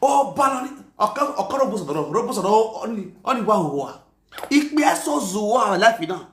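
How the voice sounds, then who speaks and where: A Nigerian man with an Edo accent hosting an online talk show, ranting with insults, mocking chants and shouts. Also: sits high, sing-song, moderate pace, echoey room. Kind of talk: ranting commentary.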